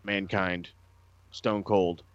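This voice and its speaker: A man's voice: low voice, drawn-out words, dry recording, dull audio. A man co-hosting a wrestling podcast in casual chat, ranting with lots of swearing. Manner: profane, animated ranting.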